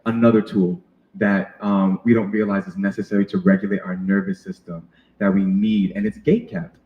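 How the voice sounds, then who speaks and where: A man's voice: low-pitched, little pitch movement, moderate pace, reverberant, phone-quality sound, slight background noise. A man who works as a sound healer, talking in an earnest, reflective way as a podcast guest. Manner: earnest, reflective, many fillers. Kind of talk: casual interview conversation.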